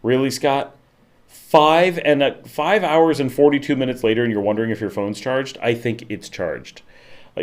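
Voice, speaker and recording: Talking into a desk mic from his home office, a man hosts a casual livestream, rambling through his thoughts with plenty of fillers and lively shifts in tone. His voice is medium in pitch and his pace is moderate.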